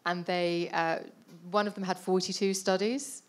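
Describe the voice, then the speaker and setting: A woman moderating a panel discussion, talking with enthusiasm and lively storytelling. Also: on the low side, moderate pace.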